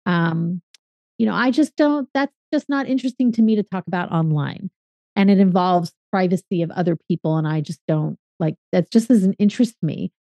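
A woman's voice: on the low side, normal speed, gravelly, dark tone, no echo. A woman in her fifties from California, a podcaster and consultant answering interview questions in a reflective, explanatory way with some fillers. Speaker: podcaster and strategic consultant, guest.

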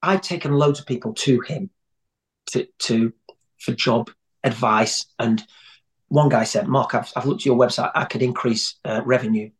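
A man's voice: mid-range voice, normal speed. A man telling long anecdotes in a rambling, conversational way as an interview guest. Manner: rambling storyteller, many restarts.

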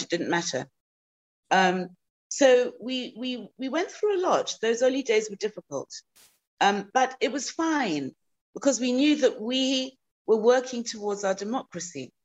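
A woman from South Africa, a guest answering interview questions thoughtfully, with many pauses and ums. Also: a little high, expressive.

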